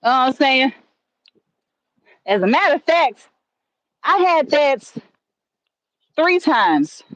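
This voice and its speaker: A woman's voice: high voice, big pitch swings, slow, a bit bright, no echo. A woman telling stories on a livestream, rambling and conversational with many fillers and restarts, talking into her phone. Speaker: livestream host. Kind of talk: casual storytelling on a livestream. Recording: dull lo-fi stream audio.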